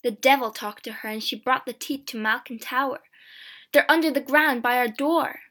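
A defiant young lad from a family of witches boasts loudly and proudly, as a woman reader acts him out. His voice sounds bright and high. It is a storybook reading. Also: normal speed. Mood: boastful. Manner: loud, boastful.

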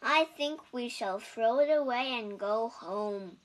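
A woman's voice: on the high side, slow pace. A woman voicing a fretful little male toad in a storybook reading.

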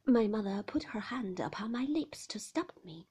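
A woman reading a classic novel aloud in a soft, half-whispered voice. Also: mid-range voice, animated, moderate pace, hardly any pauses, husky. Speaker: narrator. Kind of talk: storybook reading.

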